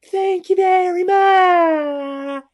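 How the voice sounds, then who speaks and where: A man shouting as a big-mouthed cheerful frog mom. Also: very slow, lo-fi sound, exaggerated voice. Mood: loud cheerful. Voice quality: shouting, high and far from the mic.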